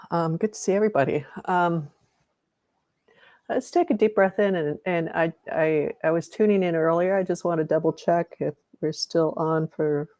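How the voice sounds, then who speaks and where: A middle-aged woman leads a guided meditation on a live stream, her voice low and gravelly. She rambles and restarts her sentences, greeting viewers by name along the way. The sound is dry and close, with no room around it. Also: warm tone, dry recording. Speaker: energy healing meditation host.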